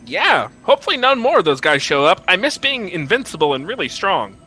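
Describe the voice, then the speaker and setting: A man's voice: high-pitched, sing-song, fairly quick, sharp tone, slightly rough, faint music behind, pitched above the performer's own voice, exaggerated voice, rough recording. A man voicing a boastful young prince, freshly freed from a curse, who tells his tale in a rambling, self-important way. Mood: casual.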